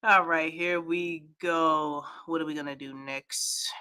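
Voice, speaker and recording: A woman with a twang chats casually on a livestream, joking with her viewers and laughing easily. Her voice has a bright, ringing edge. She banters between stories and then reads the news aloud in the same easygoing way. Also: deep voice, steady tone, slow. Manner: playful, teasing the chat, bursts of laughter. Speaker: livestream co-host.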